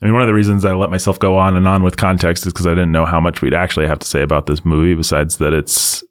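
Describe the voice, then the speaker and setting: Chatty rambling man, low voice. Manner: rambling, animated, quick to laugh. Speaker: podcast co-host reviewing a movie. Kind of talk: casual chat.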